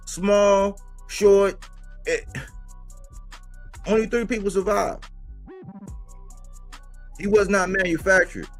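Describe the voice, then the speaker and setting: A man hosting a boxing talk show, arguing his points with emphatic rhetorical questions. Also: a little high. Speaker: boxing podcast host. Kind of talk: casual boxing commentary.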